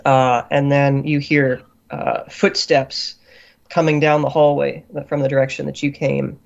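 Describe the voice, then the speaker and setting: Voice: medium pitch, flat delivery, unhurried, gravelly. A game master narrating a tabletop game in loose, descriptive storytelling full of little fillers. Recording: muffled lo-fi recording.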